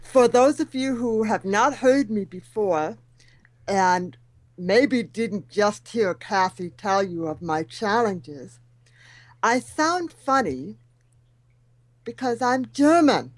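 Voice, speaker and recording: A middle-aged woman guest whose speech is shaped by hearing loss, with high sounds softened or missing, telling her story with self-deprecating humor. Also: animated, slow pace, no room sound, poor audio. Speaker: guest speaker. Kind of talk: talk show interview.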